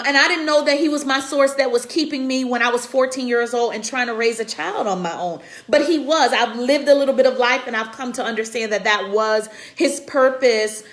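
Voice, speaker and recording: A woman with a fairly high voice hosts a faith talk streamed live from her computer. She speaks in an earnest, preacherly way and greets her viewers by name. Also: a bit bright. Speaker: women's conference host and speaker. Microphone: computer camera mic.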